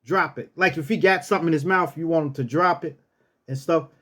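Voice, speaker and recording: A man telling a casual story and teaching dog commands, repeating himself and calling out each command in a rough, drill-sergeant tone. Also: fairly high pitch, brisk, fairly bright tone. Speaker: storyteller host.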